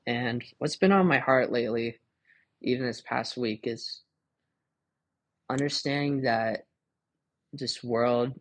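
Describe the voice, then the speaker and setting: A man's voice: medium pitch, takes it slowly, long pauses, dry recording. A young man hosting a casual devotional podcast, talking and reading Bible verses in a chatty way, laughing often and filling his speech with "like" and "um". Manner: chatty, laughing, full of fillers like "like" and "um". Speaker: podcast host.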